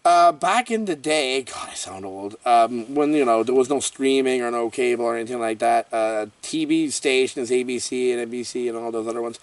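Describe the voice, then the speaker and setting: A man hosting a casual horror movie review vlog, talking in an excitable, rambling way full of exclamations and fillers. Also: mid-range voice, normal speed, few pauses, dry recording, far from the mic.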